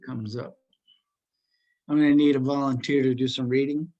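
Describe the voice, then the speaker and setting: A male teacher talks casually in class, rambling from point to point with plenty of ums and uhs. He keeps things light and joking, at a medium pitch for a man. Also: little pitch movement, normal speed, dark tone, dull audio. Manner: rambling, joking, full of fillers.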